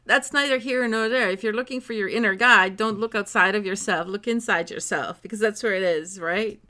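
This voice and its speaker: Bright-voiced woman in casual chat. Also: mid-range voice, brisk. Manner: laughs often, animated storytelling.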